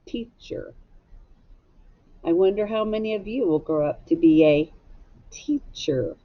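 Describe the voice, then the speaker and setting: A woman's voice: mid-range voice, brisk, muffled recording. A woman teacher giving a recorded phonics lesson for children, spelling words out letter by letter in a patient, encouraging way. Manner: gently encouraging.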